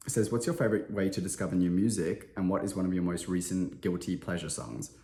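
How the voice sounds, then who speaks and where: A low-pitched man chats through fan questions, loose and self-deprecating, with plenty of "like" and "um". He sounds slightly under the weather. The room around him is echoey. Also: darkish tone. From Australia. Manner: chatty, self-deprecating, lots of filler words. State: slightly unwell. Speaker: interviewed musician. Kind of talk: casual interview chat.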